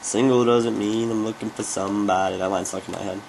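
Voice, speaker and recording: A man's voice: fairly low pitch, fairly even intonation, fairly quick, vocal fry, darkish tone, slight background noise. A young man giving casual, rambling gameplay commentary, speaking offhand with frequent fillers. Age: young adult. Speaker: gaming commentator.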